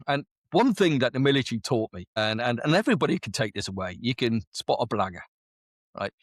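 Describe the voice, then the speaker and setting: A man's voice: medium pitch, very animated, brisk, no room sound. A man on close mic, a guest telling a story in a casual interview, chatty and repeating words as he goes. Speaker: guest, veteran business owner.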